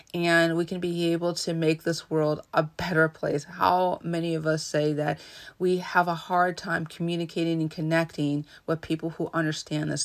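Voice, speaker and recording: A woman hosting a solo podcast, talking in an earnest, instructive way about communicating, with short pauses between her phrases. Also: low-pitched. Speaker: podcast host and coach. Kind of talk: solo motivational podcast talk.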